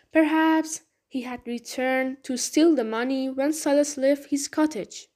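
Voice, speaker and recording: A woman reading a storybook aloud in a slow, clear narration. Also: high-pitched, mellow.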